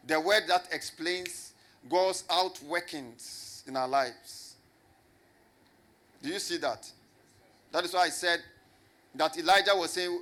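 A man's voice: high voice, sharp tone. Emphatic preacher man with a raised voice. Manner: emphatic, repeats phrases and asks the congregation rhetorical questions; slows down to stress key words. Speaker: pastor. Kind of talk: sermon.

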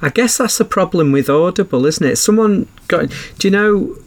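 A man's voice: high-pitched, expressive, moderate pace. A man co-hosting a casual podcast chat, rambling and enthusiastic with frequent restarts. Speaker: podcast co-host.

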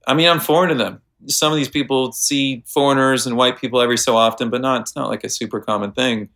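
A man's voice: mid-range voice, fairly even intonation, quick pace, fairly bright tone. An American man telling a rambling story in casual chat, full of fillers and restarts. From United States.

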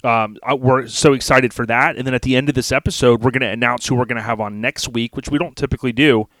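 A man's voice: mid-range voice, fairly even intonation, quick pace, a bit bright, no room sound. A man co-hosting a casual podcast, talking in a laid-back, rambling, folksy way. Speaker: podcast co-host.

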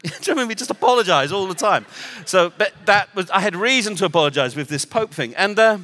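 A man's voice: high-pitched, expressive, a little fast, bright, forceful tone. A man from Northern Ireland with an English accent, preaching a sermon with humorous, self-deprecating stories. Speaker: guest preacher. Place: church auditorium. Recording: long hall reverb.

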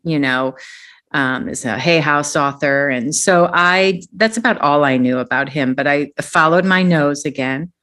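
A woman's voice: sits low, fairly bright tone, clear, resonant tone. A middle-aged woman speaking as an interview guest, telling her career story in a reflective, conversational way and laughing easily. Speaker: guest, executive coach.

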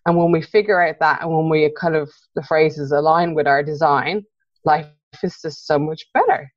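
Low-voiced woman guest on muffled audio. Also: normal speed, no room sound. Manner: friendly, rambling, laughs easily. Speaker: podcast guest. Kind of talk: casual interview chat.

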